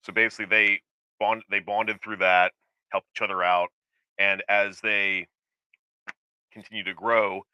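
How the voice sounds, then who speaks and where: Rambling low-voiced man, bright and clear. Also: flat delivery, unhurried, pauses often, no room sound, rough recording. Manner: rambling, hesitant, many fillers and restarts. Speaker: podcast co-host. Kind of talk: casual chat.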